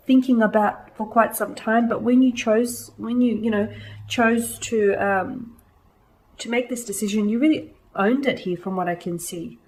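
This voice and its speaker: A woman's voice: fairly high pitch, low-quality recording. A woman giving a casual tarot reading to her viewers, reassuring and repeating that she feels and sees things in the cards. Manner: reassuring, repeating "I feel like" and "I'm seeing". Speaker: tarot reader.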